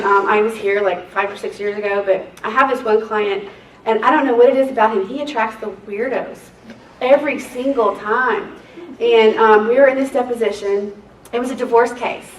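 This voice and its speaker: A woman court reporter, telling lively stories at a seminar and acting out the people she quotes. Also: on the high side, brisk. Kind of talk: anecdotal seminar talk to a group. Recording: echoey room, distant mic.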